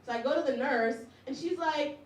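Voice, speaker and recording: A woman's voice: sits high, a little fast. A young woman performing a stand-up comedy set, chatty and self-mocking, laughing often between lines. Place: comedy club stage with audience. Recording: echoey room, mic heard from a distance, audience noise.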